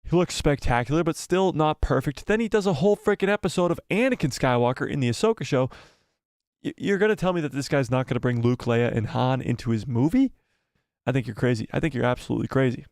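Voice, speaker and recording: A man hosting a live stream, reading chat messages aloud and answering them excitedly. He repeats phrases for emphasis, and his voice is starting to go. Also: medium pitch, fast talker, dry recording, clean studio sound. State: losing his voice.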